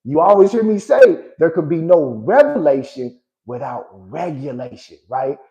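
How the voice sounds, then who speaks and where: Lively, preachy man in his forties. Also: on the high side, moderate pace, dull audio. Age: 40s. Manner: emphatic and preachy, tags lines with "right?" and "good people". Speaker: life coach and host. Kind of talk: motivational live talk.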